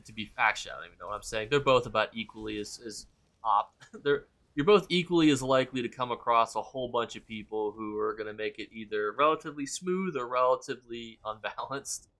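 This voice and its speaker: Male game streamer, lively pitch, chatty, swearing, loud reactions. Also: brisk. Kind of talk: live gameplay commentary.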